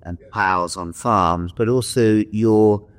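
A man's voice: on the low side, takes it slowly, smooth. A male interviewer who asks his questions in a hesitant way, with many fillers.

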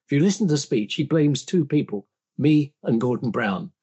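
An older man appears as an interview guest, telling his stories thoughtfully in a reflective conversation. His husky, slightly breathy, mellow voice is medium-pitched and expressive at a normal speed, and he often stops to restart sentences. Self-deprecating asides keep him sounding modest.

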